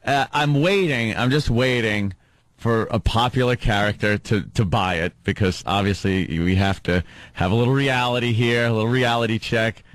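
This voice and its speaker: A man's voice: mid-range voice, moderate pace, dry recording. A man hosting a casual chat, talking in a rambling, hesitant way with many fillers. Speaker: host.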